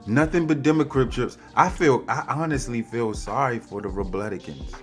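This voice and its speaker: A man hosting a podcast, ranting heatedly and with lots of profanity, his voice jumping high in pitch to mock people. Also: moderate pace, faint music behind. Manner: heated, profane, animated with big pitch swings. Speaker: podcast host. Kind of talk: opinionated political rant.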